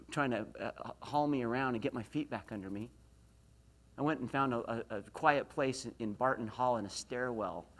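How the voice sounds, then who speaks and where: A man in his forties giving a university lecture, telling a story with animated delivery and loud emphatic peaks. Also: medium pitch. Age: 40s. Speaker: motivational speaker. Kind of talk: lecture to an audience.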